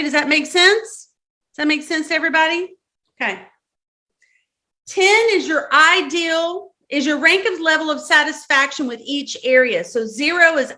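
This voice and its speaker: High-voiced and sharp in tone, a Southern-accented woman instructs a live-streamed workshop audience step by step. She keeps repeating key words and checking in as she goes.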